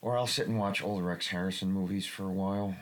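A man from New England who acts in community theater, talking in a reflective, halting way with frequent restarts in a casual panel discussion. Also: fairly even intonation. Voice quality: gravelly, husky low voice.

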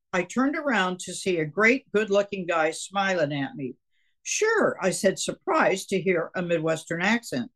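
An older woman from Minnesota, a guest author reading a chapter of her own book aloud and chatting with the host. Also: lowish voice.

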